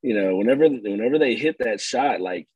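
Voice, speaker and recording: A man with a husky voice in a casual sports podcast chat, rambling earnestly with lots of fillers. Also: medium pitch, lively intonation, brisk, a little mellow, no echo, rough recording. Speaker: podcast co-host.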